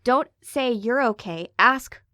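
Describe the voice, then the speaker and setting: A woman's voice: fairly high pitch, lively intonation, slow pace, pushed and bright, no echo, studio quality. A woman in her thirties co-hosting a parenting podcast, talking in an impassioned, emphatic way as she pleads with parents. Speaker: podcast co-host, hypnotherapist. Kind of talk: casual podcast chat.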